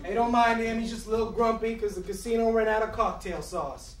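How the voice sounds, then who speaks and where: A man's voice: sits high, a little fast, crowd noise, natural voice. A man playing a laid-back, boastful hip hop star with slangy swagger, recorded on an echoey stage from a distance.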